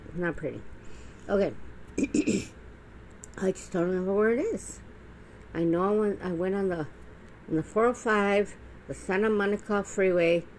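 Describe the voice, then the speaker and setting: A woman's voice: on the low side, vocal fry, a little hiss or hum, poor audio. A middle-aged woman talking straight to camera in a blunt, profane, rambling monologue full of restarts. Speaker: vlogger. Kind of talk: casual monologue.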